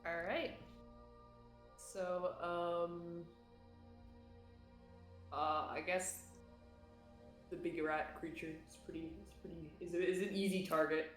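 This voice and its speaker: A woman playing a tabletop game, talking in a hesitant, halting way. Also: on the low side, fairly even intonation, echoey room, soft background music. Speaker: player.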